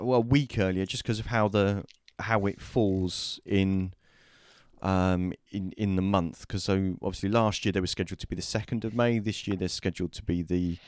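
A man hosting a casual discussion show over a remote call, talking with many pauses, fillers and restarts. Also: on the low side, dry recording, clean studio sound. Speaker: host.

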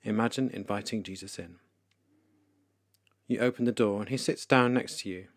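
A man leading a guided meditation for listeners, speaking slowly, calmly and softly with pauses. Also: fairly low pitch, no room sound, clean studio sound. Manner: slow, calm, soft-spoken with pauses. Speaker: devotional leader.

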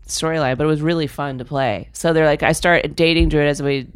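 A woman's voice: sits low, fast, clear, resonant tone. A middle-aged woman, a guest actress, chatting casually and telling stories animatedly, peppered with "like". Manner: animated storytelling, lots of "like". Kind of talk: casual chat.

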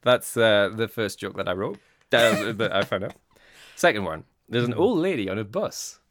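A man's voice: fairly low pitch, animated, moderate pace, a bit bright, dry recording. A man co-hosting a casual chat, telling jokes in a playful, self-mocking way and laughing often. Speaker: podcast co-host.

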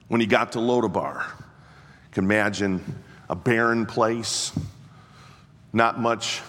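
A male preacher telling a story in a sermon, slow and building to impassioned peaks. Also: lowish voice, fairly bright tone. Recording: long hall reverb.

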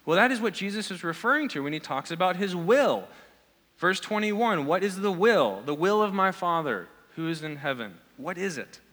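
Male pastor, earnest sermon delivery with searching questions; bright, slightly high voice in a reverberant hall. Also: big pitch swings, moderate pace. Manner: earnest, asks the congregation repeated questions. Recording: long reverb of a large hall.

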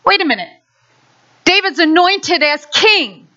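A woman preaching a sermon, animated, acting out a story for her listeners, on a dull lo-fi recording. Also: extremely high pitch, measured pace.

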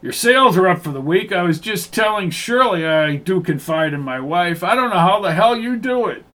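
A man's voice: high-pitched, animated, moderate pace, fairly bright tone. A man voicing a stout, middle-aged warehouse manager who jokes crudely, in an audiobook. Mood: jovial.

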